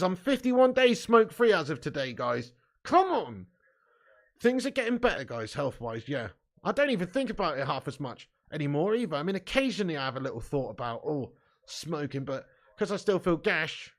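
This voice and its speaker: A man hosting a live football watch-along, reading chat comments aloud with mocking banter, swearing and laughing. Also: on the high side.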